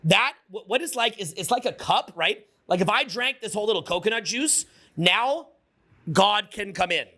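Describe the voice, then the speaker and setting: A man coaching a live audience in a motivational seminar, energetic, swearing freely and getting the crowd to repeat his words. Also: high voice, moderate pace. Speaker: social skills coach.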